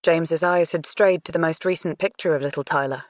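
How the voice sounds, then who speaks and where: A woman narrating an audiobook in a measured, unhurried reading. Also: low voice, steady tone, no room sound. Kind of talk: scripted narration.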